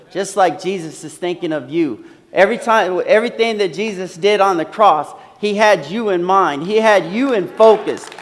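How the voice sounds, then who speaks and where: A man preaching a sermon earnestly, repeating phrases and using many fillers, in a large hall. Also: a little high. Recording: long hall reverb.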